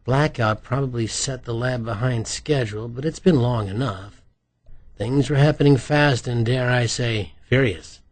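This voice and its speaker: A man's voice: mid-range voice, measured pace, lightly acted. Man reading a wry, joking man. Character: witty, playful male writer, lover. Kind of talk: audiobook character voice.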